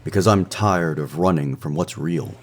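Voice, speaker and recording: A man voicing an honorable rogue sea captain, speaking roughly and earnestly in an audio story. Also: sits low, moderate pace.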